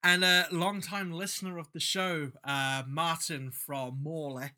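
A male podcast host chats casually about music. His voice is very bright and forceful, sitting a little high. He is blunt and enthusiastic, swearing freely. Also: level tone, measured pace. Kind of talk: casual chat.

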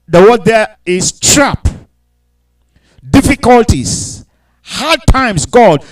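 High lively male preacher, calls out to the congregation, goes from hushed to shouting. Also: rough recording. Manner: call-and-response preaching, swings from quiet to shouting. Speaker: pastor. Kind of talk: sermon.

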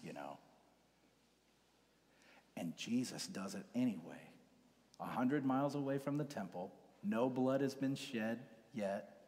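A male pastor preaching a conversational sermon in a church, now and then dropping to a hushed whisper for emphasis. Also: mid-range voice. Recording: long hall reverb.

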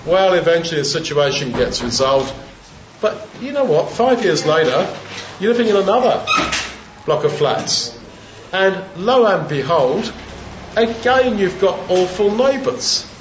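A man's voice: high voice, very animated, measured pace. A man preaching a sermon, retelling scripture as a conversational story in everyday modern speech. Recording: roomy, dull-toned recording with faint background hiss.

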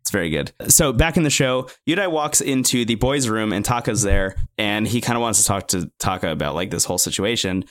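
A man's voice: lowish voice, expressive, fairly quick, few pauses, a bit bright. A man in his thirties casually recapping a show as a podcast co-host, joking loosely and lifting his voice to quote lines. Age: 30s.

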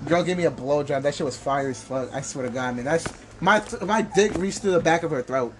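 A man's voice: fairly high pitch, fairly quick, background noise. A man casually telling a crude story on a podcast, rambling with restarts, swearing and laughing often.

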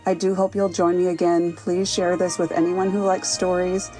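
A woman reading a storybook audiobook aloud as a podcast host, in a calm, measured, gentle manner. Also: on the low side, soft background music.

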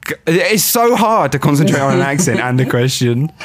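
Man, podcast co-host, casual chat, laughs a lot, swears freely, lively up-and-down voice. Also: a little high, moderate pace.

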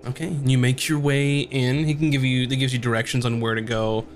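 A man narrating as game master, halting with frequent ums. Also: medium pitch, little pitch movement, slight background noise. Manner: hesitant, lots of ums.

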